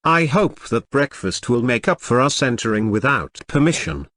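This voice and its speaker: A man's voice: mid-range voice, lively intonation, normal speed, a bit bright, no echo, studio quality, close to an everyday voice. A man voicing a tiny, polite male goblin butler with a Scottish accent. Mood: apologetic.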